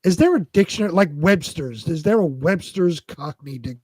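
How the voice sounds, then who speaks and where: High-voiced man asking puzzled questions. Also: expressive, moderate pace, darkish tone, breathy edge, dry recording. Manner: puzzled, asks many questions. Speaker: co-host. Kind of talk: casual chat.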